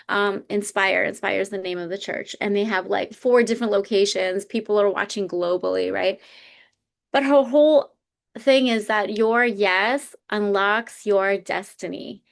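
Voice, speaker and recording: A woman's voice: medium pitch, a little slow, vocal fry. A woman co-hosting a podcast, chatting casually and earnestly retelling a personal story. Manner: earnest, reflective, retells stories with animated quotes. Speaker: podcast co-host.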